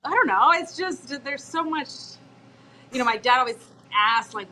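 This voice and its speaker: A woman with a bright, sharp voice chatting as a guest, trading frank stories and swearing freely. Faint background noise sits under her voice. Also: sits high, lively intonation, moderate pace, poor audio. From United States. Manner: candid, swears a lot, laughs while telling stories. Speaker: mother of a toddler. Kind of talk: casual chat.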